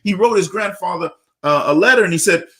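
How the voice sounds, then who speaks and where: A man hosting a radio talk show, energetic and repetitive, often tagging on questions. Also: high voice, fairly quick.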